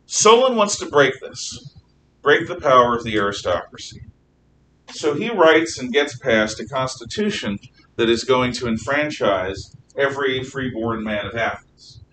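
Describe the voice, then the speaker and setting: A man teaches a history class, lecturing in a lively, opinionated style and now and then spelling words out slowly. A distant room mic catches him from far off in an echoey classroom with a faint rumble.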